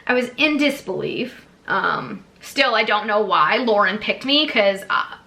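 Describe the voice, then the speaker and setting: A woman's voice: mid-range voice, expressive, takes it slowly, gravelly, pushed and bright. A young adult woman vlogger, seated, telling an emotional personal story in a gushing way with many fillers. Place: sitting on a squeaky chair.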